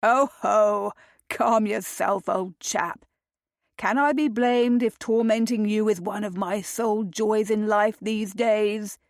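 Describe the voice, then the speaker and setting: A woman's voice: mid-range voice, steady tone, slow pace, dry recording, clean studio sound. A woman voicing a teasing young aristocratic duke who drawls and mocks his friend, in a read romance novel. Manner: drawling, mocking.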